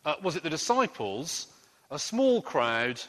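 A playful man quizzes children during a church service, his voice leaping up and down as he jokes. His voice sits a little high for a man. Long reverb from the church hall trails every phrase. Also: measured pace. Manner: lively, playful quizmaster with gentle jokes. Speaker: children's talk leader at church.

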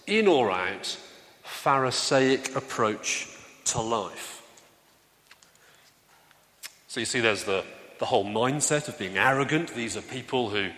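A man's voice: medium pitch, fairly bright tone. Guy giving a chatty sermon, tells stories, asks the room stuff, big hall echo. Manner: conversational, anecdotal, asks the room questions. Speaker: preacher. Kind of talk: sermon with audience interaction. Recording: long hall reverb.

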